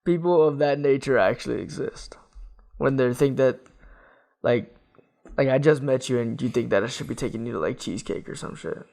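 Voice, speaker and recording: A man on a casual podcast, answering bluntly and rambling loosely with plenty of "like"s. His mid-range voice has a gravelly, fry-laced edge. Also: mid-range voice, moderate pace, darkish tone. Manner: laid-back, blunt, lots of "like" fillers. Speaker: podcast co-host. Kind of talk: casual chat.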